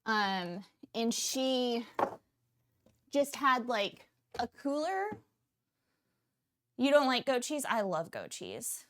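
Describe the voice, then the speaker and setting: Woman, cooking stream host, chatty and animated, slightly high voice, home kitchen feel. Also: slow, long pauses. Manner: animated, chatty, frequent pitch jumps and excited outbursts. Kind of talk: casual cooking livestream chat.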